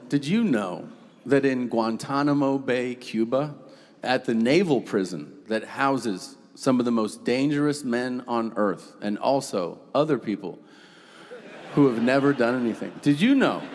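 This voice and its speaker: Lively stand-up comic in a hall. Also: male voice, mid-range voice. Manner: animated, profane storytelling with shouted impressions. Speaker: stand-up comedian. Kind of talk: stand-up comedy set. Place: comedy stage before a live audience. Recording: reverberant venue with faint room noise.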